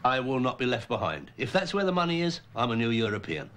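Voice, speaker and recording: A man's voice: mid-range voice, sing-song, fast, a bit bright. An actor playing a blustering, pompous middle-aged Englishman who is chasing funding. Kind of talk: TV comedy acting.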